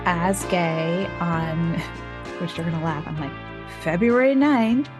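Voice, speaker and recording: A woman's voice: on the low side, slow pace, music in the background. A woman in her forties, a podcast guest, telling her story candidly and acting out the lines she quotes with animation. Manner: animated, acts out quoted dialogue.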